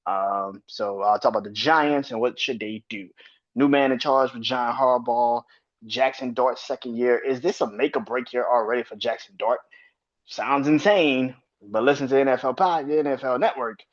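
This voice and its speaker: A man in his thirties hosting his own sports podcast, talking loosely and swearing freely, his voice jumping high when he rants. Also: normal speed, highs cut off. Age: 30s. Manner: loose and profane, rants with sudden high-pitched outbursts. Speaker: podcast host. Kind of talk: casual solo sports podcast.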